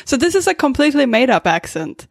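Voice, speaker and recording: A woman co-hosting a podcast, chatty and explanatory. Her voice is a bit higher and recorded close and dry. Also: big pitch swings, quick pace, gravelly, dry recording. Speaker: podcast co-host. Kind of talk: casual chat.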